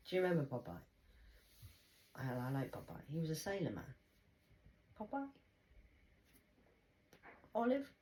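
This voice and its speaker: A woman giving a rambling spiritual monologue, swinging between loud exclamations and soft whispers. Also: low voice, low-quality recording. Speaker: spiritual vlogger.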